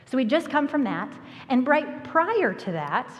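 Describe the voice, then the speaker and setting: A woman preaching a sermon, telling the story with lively acted-out lines and sudden hushed asides. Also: high voice, a little slow. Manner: animated storytelling, acting out voices and dropping to a whisper. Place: church sanctuary. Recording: long church hall reverb.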